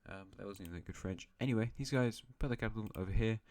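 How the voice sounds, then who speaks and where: A man's voice: on the low side, very fast, darkish tone. A man hosting an alternate-history map series, narrating in a rambling, chatty way with self-mocking asides. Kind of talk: casual map-game commentary.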